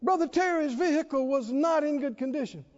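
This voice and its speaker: A man's voice: very high-pitched, a little fast. A male pastor preaching a sermon to his congregation, telling a humorous story with animation and calling for responses. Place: church sanctuary with congregation. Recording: dull reverberant church recording.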